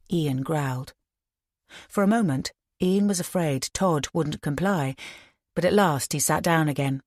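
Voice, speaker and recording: Audiobook narrator, female, low-pitched, dry and close, steady read. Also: normal speed, no room sound. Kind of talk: scripted narration.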